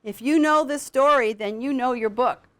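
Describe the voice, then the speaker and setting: A woman teaching a class of students how to read aloud to young children, with an animated, coaxing teacher's voice. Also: high-pitched, moderate pace. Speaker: literacy program founder teaching students.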